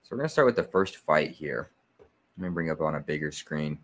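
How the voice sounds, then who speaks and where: Low-voiced guy going over his sports picks on his channel, steady and methodical, lots of uhs. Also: a little fast. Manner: steady, methodical, with frequent "uh" fillers. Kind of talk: casual explanatory video walkthrough.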